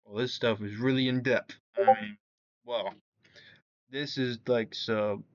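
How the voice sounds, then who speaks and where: A man's voice: mid-range voice, fairly even intonation, slow pace, no room sound, highs cut off. A man reviewing characters in casual commentary, reading text aloud and stumbling over words, full of fillers and restarts. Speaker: YouTube reviewer.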